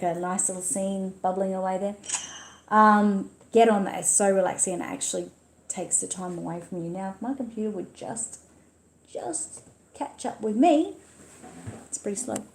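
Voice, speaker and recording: A woman's voice: mid-range voice, lively intonation, moderate pace, pauses often. Chatty Australian woman in an echoey room. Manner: chatty, reads viewer comments aloud. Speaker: livestream host. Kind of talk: casual livestream chat.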